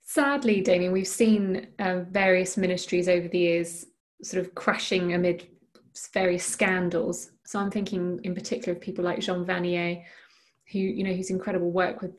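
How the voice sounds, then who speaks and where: Low-voiced woman asking measured questions. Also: little pitch movement. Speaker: interviewer. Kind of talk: interview questions.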